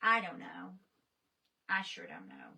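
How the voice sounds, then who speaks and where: A woman's voice: fairly low pitch, slow pace, gravelly, sharp tone, distant mic, low-quality recording. A woman painting on a live stream, chatting casually with viewers and laughing often.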